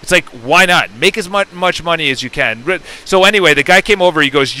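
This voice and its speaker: A man's voice: on the high side, lively intonation, brisk, few pauses, sharp tone, rough recording. A man in a rambling, unscripted motivational monologue. He keeps restarting sentences and acts out quoted dialogue in shifting voices. He is a real estate agent speaking through a headset into a phone, likely from inside a parked car. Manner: rambling, with self-interruptions and restarts. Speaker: real estate agent and self-development vlogger.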